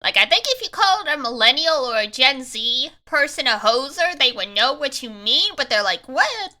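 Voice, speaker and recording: A woman's voice: high-pitched, expressive, moderate pace, bright, forceful tone. A young adult woman streamer giving chatty, joking commentary while playing a game, laughing often. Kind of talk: let's-play commentary.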